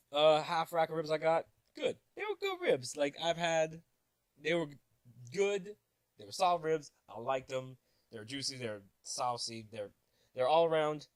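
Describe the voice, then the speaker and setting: A man telling a story casually in a vlog, animated and joking, laughing at his own asides. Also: fairly high pitch, dry recording. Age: 20s. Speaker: vlogger.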